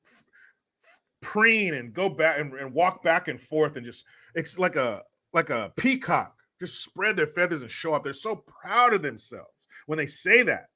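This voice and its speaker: Middle-aged male host with a slightly high voice, profane and sarcastic, reading out viewer messages. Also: big pitch swings, measured pace, sharp tone. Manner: angry, sarcastic, swearing. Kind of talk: profane ranting commentary.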